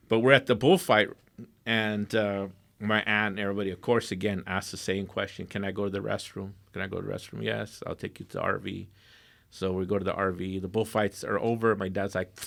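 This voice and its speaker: A middle-aged man from Southern California telling a profane, animated story in a casual interview, slipping into Spanish phrases. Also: on the low side, creaky. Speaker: guest artist.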